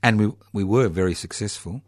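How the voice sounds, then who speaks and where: A man talks through a political monologue in a lowish voice, sardonic and full of rhetorical questions. He slows down to stress key words. The recording is close and dry. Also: no echo. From Australia.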